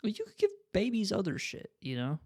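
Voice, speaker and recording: A man's voice: sits high, huge pitch swings, brisk, a little mellow, slightly rough, no echo, clean studio sound. A young man co-hosting a podcast, chatting loosely, joking and swearing often. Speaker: podcast co-host. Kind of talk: casual chat.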